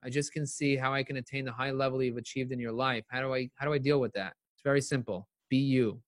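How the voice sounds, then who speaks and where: A middle-aged man giving a live-streamed motivational talk, emphatic and animated, repeating phrases for emphasis as he answers viewer questions. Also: medium pitch, fast talker, dry recording, studio quality.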